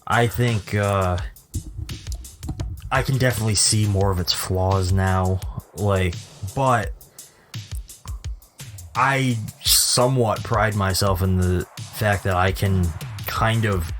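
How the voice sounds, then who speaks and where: A man in his thirties co-hosting a casual podcast chat, laid-back and measured, with dry remarks. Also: fairly low pitch, steady tone, a bit bright, soft background music. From Rhode Island. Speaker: podcast co-host.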